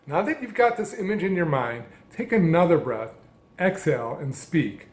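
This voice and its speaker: A man giving a calm, measured lesson as a speech coach, speaking in deliberate phrases. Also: fairly high pitch, echoey room. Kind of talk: instructional narration.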